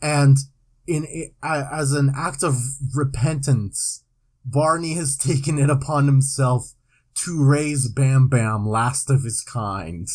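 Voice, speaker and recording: A young man co-hosting a podcast in casual chat, laying out absurd facts deadpan and sighing between them. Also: medium pitch. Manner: slow, lively deadpan delivery of absurd facts, sighs. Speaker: podcast co-host.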